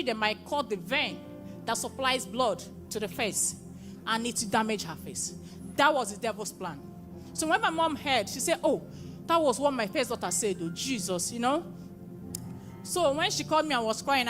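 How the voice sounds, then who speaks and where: High-voiced woman giving church testimony. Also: moderate pace. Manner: emotional, often rising to excited exclamations. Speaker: testifier at a prayer conference. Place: live church gathering. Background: music playing.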